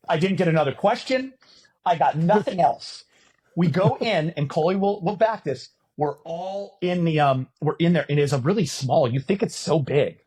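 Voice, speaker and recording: A husky, slightly high-voiced man tells a story at a relaxed podcast table. He is middle-aged and from California, and he builds up to loud punchlines with a lot of energy. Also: moderate pace. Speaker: podcast co-host. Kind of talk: casual storytelling chat.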